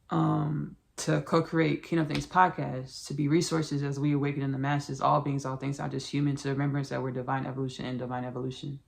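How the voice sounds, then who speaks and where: A woman's voice: low voice, creaky, a bit bright. A woman podcast host with a Southern US country accent, giving a rambling, repetitive spiritual monologue full of restarts and familiar asides. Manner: rambling and repetitive, with frequent restarts, calling listeners "y'all" and "baby".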